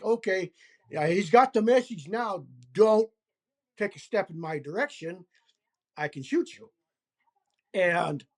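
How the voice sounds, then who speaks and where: A man who is an interview guest, telling a first-person story deliberately and acting out gestures as he describes them. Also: high voice. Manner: deliberate, acts out gestures as he narrates. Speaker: interview guest recounting a hunting encounter.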